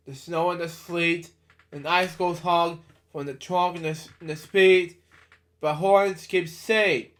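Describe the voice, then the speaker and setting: A man's voice: high voice, a bit bright. A young man reading a children's storybook aloud, stumbling over words and breaking off into rambling asides. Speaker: storybook reader. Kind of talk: casual read-aloud with asides.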